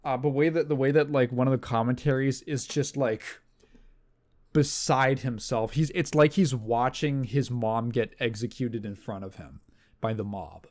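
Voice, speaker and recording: A man's voice: mid-range voice, moderate pace, a little mellow. A young man hosting a podcast, telling rambling stories in casual chat, laughing often and mimicking people. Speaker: podcast host.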